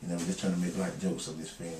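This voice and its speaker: A middle-aged interview guest speaks rapid-fire in a low, level voice, and the audio is very noisy. He's a laughing, joking, rambling storyteller in a casual chat, captured in an echoey room by a distant mic with faint ambience.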